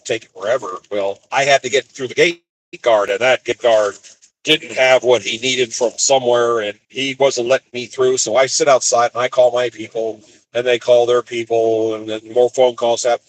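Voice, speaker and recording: A man from the United States, an expedite van driver, casually telling rambling stories from the road and jumping into higher voices when he quotes people. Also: low-quality recording. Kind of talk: casual storytelling.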